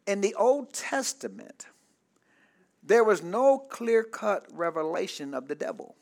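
A male pastor preaching a sermon, calling out to the congregation for responses and building up to shouted peaks. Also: high-pitched, big pitch swings, a little slow, vocal fry.

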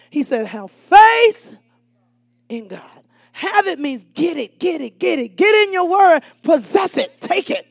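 A woman preacher delivers an animated sermon. She calls out to the congregation, swinging from shouts down to near-whispers. Her voice sits high, and the sound is dry and close with little room echo. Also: creaky. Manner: animated and call-and-response, swinging between shouts and hushed asides.

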